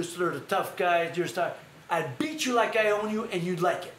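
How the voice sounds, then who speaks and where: A man's voice: sits high, brisk. A man hosting a live stream, chatting casually and acting out stories with quoted voices. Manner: animated storyteller who acts out quotes in others' voices. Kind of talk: casual storytelling chat. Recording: echoey room with faint noise.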